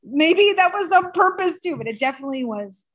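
A woman hosting a podcast, chatting casually in an animated, rambling way with frequent laughter and fillers. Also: very high-pitched, a little fast. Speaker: podcast host. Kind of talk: casual chat.

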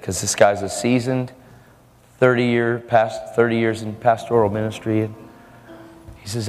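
A man with a fairly low, mellow voice speaks at a moderate pace with fairly even intonation. He's preaching a sermon, earnestly telling a story and acting out the voices of its characters. The recording has long hall reverb and faint music underneath.

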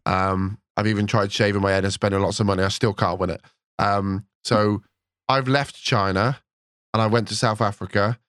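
A man co-hosting a podcast, chatting and telling a long story with excited energy. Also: on the low side, moderate pace, dry recording. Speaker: podcast co-host. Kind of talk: casual podcast chat.

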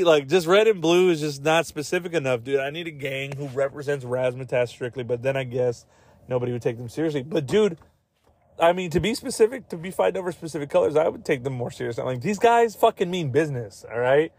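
A man's voice: a little high, brisk, a little mellow. A man hosting a podcast in casual chat, rambling and swearing as he laughs at his own jokes. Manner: rambling, profane, laughs often. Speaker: podcast host.

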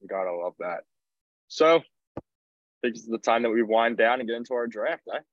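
A man's voice: mid-range voice, animated, brisk, dry recording. A man co-hosting a podcast, chatting casually and steering the conversation along. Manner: easygoing, moves the show along. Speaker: podcast co-host. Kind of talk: casual chat. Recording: dull lo-fi dry mic.

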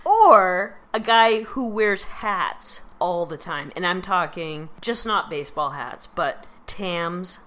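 A woman's voice: on the low side, slow pace, hardly any pauses, pushed and bright. A middle-aged woman co-hosting a podcast, chatting casually with a playful, teasing, giggly manner. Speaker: podcast co-host. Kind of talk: casual banter.

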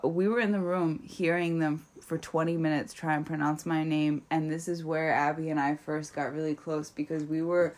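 A woman's voice: low voice, little pitch movement, normal speed, few pauses, darkish tone. A young woman co-hosting a casual chat, giggly and self-mocking.

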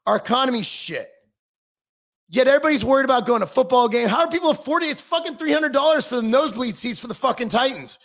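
Brief: middle-aged man, profane heated rant, high gravelly voice, swinging pitch. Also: lively intonation, quick pace, fairly bright tone. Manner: heated, sarcastic, swearing constantly.

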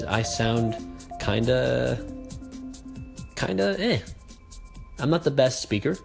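A young American man hosting his own radio talk show, stuttering and stumbling over his words as he chats casually. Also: on the low side. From United States. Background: music.

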